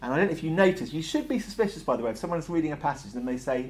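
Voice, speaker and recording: A man preaches in a loose, conversational way. He hesitates often with ums and uhs. His voice sits at an ordinary middle pitch. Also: very fast, few pauses. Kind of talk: sermon.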